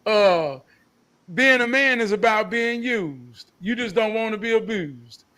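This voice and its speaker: A man's voice: high-pitched, expressive, measured pace, bright, forceful tone. A man on a podcast chiming in emphatically, stumbling over repeated words as he makes his point. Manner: emphatic, stammering interjections. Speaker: podcast co-host. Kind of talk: casual podcast talk.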